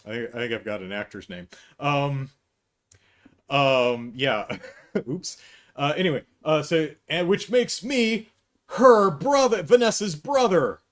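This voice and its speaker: On his podcast, a middle-aged man with a highish voice reviews a movie slowly but animatedly. The casual monologue is exasperated and sarcastic, full of mocking acted quotes.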